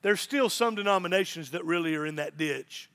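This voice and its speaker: A man's voice: sits high, brisk, a bit bright. A middle-aged man, a pastor, preaching a sermon with emphasis and repeated phrases.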